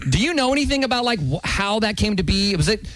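A man's voice: high voice, very animated, fast, fairly bright tone, no echo. A man hosting a morning radio show, talking in a friendly, chatty way. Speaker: radio host. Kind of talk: casual radio chat. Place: radio studio.

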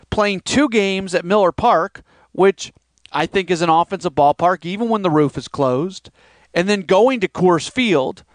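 A man hosts a solo sports podcast in a loose, rambling, conversational way. His voice sits high and comes through smooth and clear. The sound is dry and close to the mic. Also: dry recording. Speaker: podcast host.

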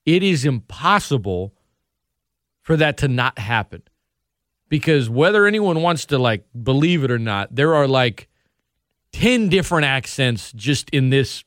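A man hosting a casual sports talk show, opinionated and animated. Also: medium pitch, unhurried, pauses often, no room sound, studio quality. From Louisiana. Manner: animated, opinionated, talks over others. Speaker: host.

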